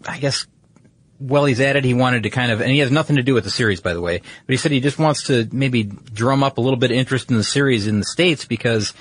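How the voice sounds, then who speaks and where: A man's voice: medium pitch, fast, husky. A man hosting a casual podcast, rambling with lots of fillers and restarts. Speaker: podcast host.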